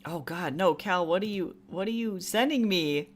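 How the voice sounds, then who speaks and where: An artist streams live while drawing, chatting loosely at a moderate pace and rambling with plenty of fillers and side comments. They read chat messages aloud and break into higher, louder bursts whenever they joke.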